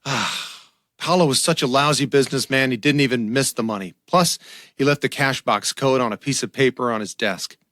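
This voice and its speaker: A man's voice: medium pitch, moderate pace, a bit bright, no echo, studio quality, natural voice. An actor playing a nervous young male artist suspect in a radio drama, anxious and stammering. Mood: defensive. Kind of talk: radio theater acting.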